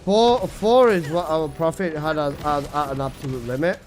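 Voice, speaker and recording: A man's voice: fairly high pitch, normal speed, darkish tone, soft background music. A young man chatting casually on a game stream, joking crudely and laughing at his own lines. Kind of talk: casual live-stream chat.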